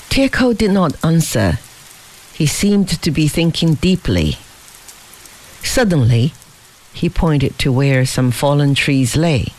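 A narrator reading a novel aloud in a measured storytelling manner. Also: mid-range voice, big pitch swings, a little mellow, low-quality recording. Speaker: audiobook narrator. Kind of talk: scripted narration.

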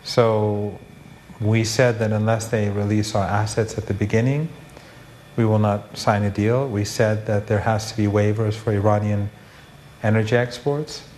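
Flat low-voiced male correspondent. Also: moderate pace, a little hiss or hum. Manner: flat, steady delivery. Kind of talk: news report.

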